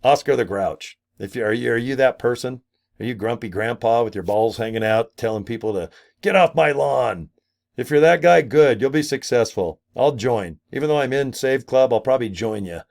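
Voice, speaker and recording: A man's voice: medium pitch, normal speed, creaky, a little mellow. An older man vlogging a casual promotional rant, goofy and crude, full of exaggerated asides and silly put-on voices. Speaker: marketing vlogger.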